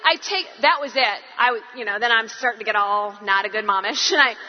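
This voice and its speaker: A middle-aged woman giving an animated, chatty talk to an audience of women about parenting, acting out little quotes as she goes. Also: a little high, brisk, long reverb tail, muffled recording. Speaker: speaker at a women's parenting event.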